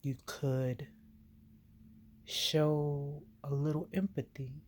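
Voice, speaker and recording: A woman's voice: low-pitched, level tone, very slow, a little mellow, a little hiss or hum. A woman and veteran speaking straight to the viewer, giving direct, emphatic advice in an earnest monologue. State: getting emotional.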